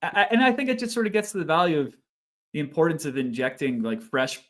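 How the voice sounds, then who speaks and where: A man speaking as a guest researcher in a casual interview, reflective and often laughing softly between phrases. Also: fairly high pitch, sing-song, fast.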